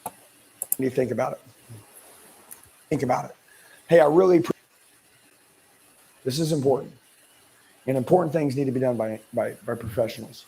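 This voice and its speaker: A man's voice: medium pitch, moderate pace, gravelly, long pauses, warm tone, slightly rough. A man coaching a sales team with intense, blunt, emphatic delivery. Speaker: sales trainer. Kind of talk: live sales coaching seminar.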